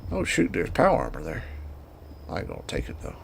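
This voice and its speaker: Gravelly guy w/ a twang, rambling folksy game commentary. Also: sits low, wildly swooping pitch, a little fast, slight background noise. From Indiana. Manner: rambling, folksy, talks to himself while playing. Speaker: gaming streamer. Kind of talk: casual gameplay commentary.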